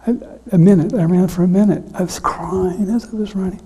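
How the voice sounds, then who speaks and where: A hoarse middle-aged pastor preaching a sermon in a halting, emotional way that often sinks to a whisper. His weakened voice is husky and deeply dark. It echoes with the long reverb of a church sanctuary. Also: steady tone.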